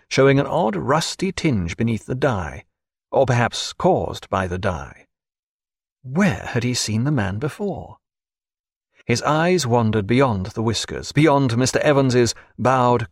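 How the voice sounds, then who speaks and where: A man narrating a novel as an audiobook, expressive and varied. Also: medium pitch, dry recording, clean studio sound.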